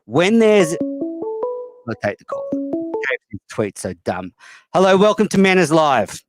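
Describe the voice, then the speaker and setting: A man's voice: on the high side, big pitch swings, measured pace, no echo, faint music behind. A man hosting a call-in show, talking bluntly and profanely with plenty of fillers. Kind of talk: casual call-in chat.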